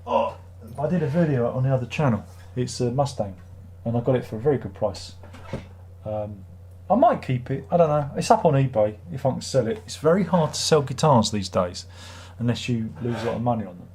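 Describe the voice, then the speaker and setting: A man's voice: mid-range voice, animated, fairly quick, a little mellow, breathy edge. A middle-aged British man hosting a livestream, chatting in a rambling, wry, self-mocking way. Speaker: livestream host. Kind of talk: casual livestream chat.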